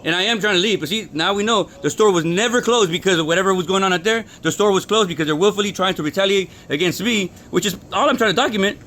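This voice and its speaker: A man's voice: high voice, fast, hardly any pauses, pushed and bright. A man filming on his phone inside a store, arguing in an agitated, repetitive way as an employee. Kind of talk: filming a workplace confrontation.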